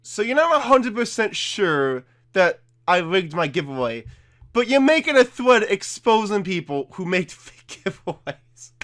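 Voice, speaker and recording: Young man, YouTuber, casual commentary, higher voice, chatty, defensive. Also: sing-song, measured pace, a bit bright. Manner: chatty and defensive, with laughs and fillers.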